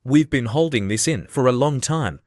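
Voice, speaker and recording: Man reading brash scheming young guy, mid-pitched, dry storybook read. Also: lively intonation, moderate pace, no echo, natural voice. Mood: agitated.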